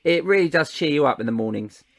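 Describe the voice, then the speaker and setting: A man's voice: a little high, expressive, fast talker, no room sound. A man interviewing a friend in casual chat, enthusiastic and full of friendly banter.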